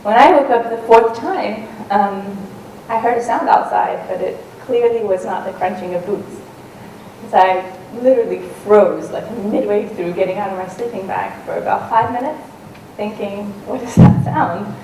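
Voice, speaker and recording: A woman's voice: mid-range voice, normal speed, dark tone. Woman speaker, casual storytelling talk with ums, distant mic, faint hum behind. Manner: conversational, with frequent ums and restarts. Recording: roomy and distant with faint noise.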